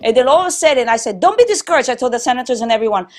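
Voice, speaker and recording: A woman's voice: a little high, racing, darkish tone. A woman pastor giving a fervent testimony in a casual interview, speaking in a declaring, preacher-like way.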